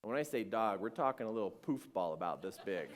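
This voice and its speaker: A man telling a personal spiritual story, animated and acting out scenes, swinging between hushed and shouting. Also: fairly low pitch, quick pace, big-room sound.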